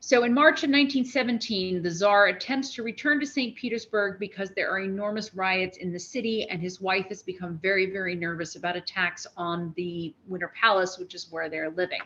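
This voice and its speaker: A woman giving a spoken history lecture, telling events as a lively story with restarts and asides. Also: medium pitch, brisk, few pauses, muffled recording, slight background noise.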